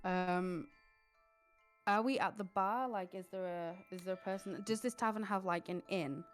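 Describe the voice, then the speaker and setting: Woman at a game table, chatty, lots of questions, mid-pitched. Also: normal speed, faint music behind. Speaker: player. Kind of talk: casual tabletop game chat.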